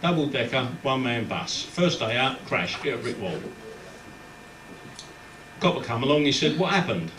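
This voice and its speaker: Comedian on a distant, roomy stage. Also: male voice, medium pitch, animated, a bit bright. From London's East End. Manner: brisk punchline delivery in short clipped phrases. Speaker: stand-up comedian. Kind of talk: stand-up comedy routine. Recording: roomy, distant live club recording with background noise.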